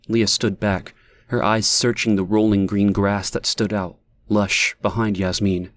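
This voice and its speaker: A man reading an audiobook in a measured, even manner, as the narrator. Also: on the low side. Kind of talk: scripted narration.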